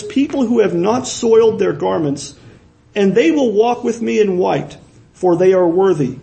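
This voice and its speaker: Pastor, male, earnest sermon delivery with rhetorical questions; dark, mellow tone. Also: high voice, animated, normal speed, vocal fry, low-quality recording. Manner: earnest, repeats words for emphasis, asks rhetorical questions.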